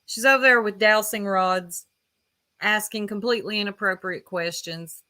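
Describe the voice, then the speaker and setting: Slow-talking Southern woman streamer. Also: medium pitch, sharp tone. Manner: chatty, mocking, greets viewers by name. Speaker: livestream host. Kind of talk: casual livestream chat.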